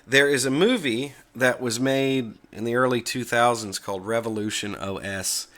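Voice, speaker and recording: Bright-voiced man chatting about tech. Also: medium pitch, moderate pace. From United States. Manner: relaxed, chatty, self-correcting. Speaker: tech video host. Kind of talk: casual talk to camera.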